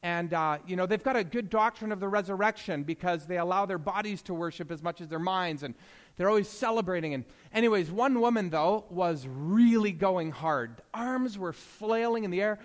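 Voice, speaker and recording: A man preaching a sermon as a pastor, telling stories and swinging between hushed, slow passages and emphatic rises. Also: sits high, long reverb tail.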